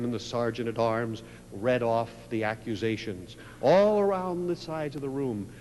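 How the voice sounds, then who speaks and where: A man preaching a sermon, telling a story in a dramatic way that swells from a hush to a loud climax. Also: mid-range voice. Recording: reverberant hall with faint mains hum.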